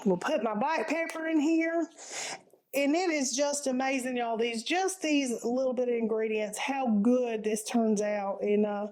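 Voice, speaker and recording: A woman's voice: on the high side, measured pace, a little mellow, rough recording. A woman, casually talking viewers through a home cooking recipe in a folksy, chatty way from her kitchen.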